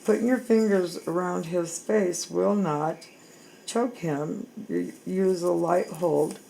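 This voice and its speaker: A woman demonstrating how to trim a pet bird's wings at home, speaking haltingly with fillers and restarts. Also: on the low side, steady tone, creaky, poor audio. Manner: coos softly to her bird. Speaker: bird owner demonstrating grooming. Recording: loud background noise.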